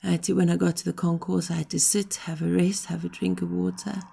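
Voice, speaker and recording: A middle-aged woman recovering from illness, talking casually to camera, hoarse and short of breath, rambling and apologetic. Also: fairly low pitch, level tone, quick pace, dark tone, a little hiss or hum. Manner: rambling, apologetic, frequent ums.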